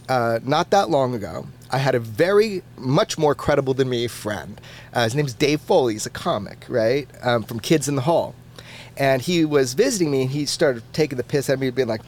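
A man being interviewed as a podcast guest, who talks in an animated and casual way, swears freely and often restarts his words. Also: mid-range voice, brisk.

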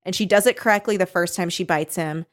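A woman's voice: fairly low pitch, fast talker. A woman chatting casually as a podcast co-host, recapping a show with lots of giggles and acted-out quotes. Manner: animated, giggly, acts out quotes.

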